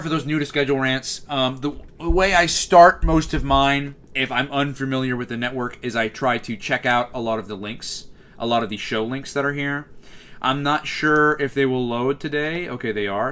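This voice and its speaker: Brief: live streamer, bright tone, loose rambling chat to viewers, lots of false starts. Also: male voice, mid-range voice. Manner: rambling, reading chat aloud, many fillers and restarts.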